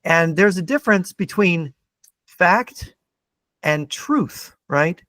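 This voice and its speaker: A man's voice: sits high, animated, slow, bright, forceful tone, dry recording. A man who is a guest on a podcast, debating in a lecturing way and often checking in with "right?". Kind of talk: debate-style conversation.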